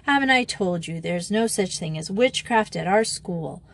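A brisk, decided young headmistress, as a woman reads her lines, kindly but firm with her pupils. Her speech is crisp and sure of itself in a storybook voice. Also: fairly low pitch, animated.

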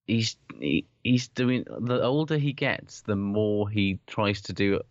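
A man's voice: lowish voice, takes it slowly, no echo. A man co-hosting a rugby podcast, talking bluntly and swearing a lot. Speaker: podcast co-host. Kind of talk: casual chat about rugby. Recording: dull, dry lo-fi sound.

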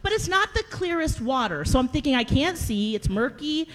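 A woman co-host telling a funny story in casual chat, animated and acting out quotes. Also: high-pitched, moderate pace. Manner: animated, laughing, acts out quotes.

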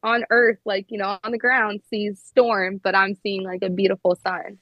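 A woman's voice: mid-range voice, little pitch movement, moderate pace, no echo, dull audio. A young woman in her twenties, a flight attendant, chatting casually and telling stories full of "like". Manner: chatty storytelling, lots of "like". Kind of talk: casual podcast chat.

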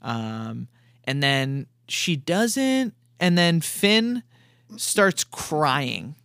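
A man's voice: on the high side, big pitch swings, extremely slow, creaky, fairly bright tone, clear, resonant tone, no echo, studio quality. A man co-hosting a podcast, recapping a cartoon in casual, rambling chat and chuckling often. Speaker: podcast co-host.

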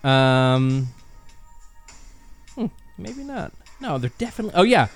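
A man's voice: medium pitch, big pitch swings, a little slow, soft background music. A young man co-hosting a casual podcast, talking in a blunt, profane, laid-back way. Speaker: podcast co-host. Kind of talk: casual chat.

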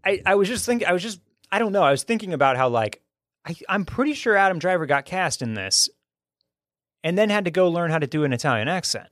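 A man's voice: high-pitched, lively intonation, fast talker, fairly bright tone, dry recording, studio quality. A man hosting a casual chat about a film, talking with enthusiasm and often restarting his sentences. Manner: enthusiastic, talkative, frequent restarts. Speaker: podcast host reviewing a film.

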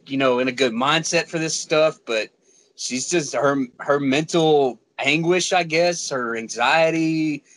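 A man's voice: a little high, a little slow, a bit bright. A man in casual chat, blunt and swearing freely, often quoting others.

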